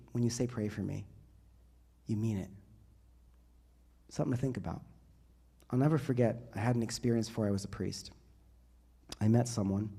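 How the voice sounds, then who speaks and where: A man who is a priest, giving a sermon to a youth group in a church and building to loud, rising emphasis through repeated phrases. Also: mid-range voice, slightly rough.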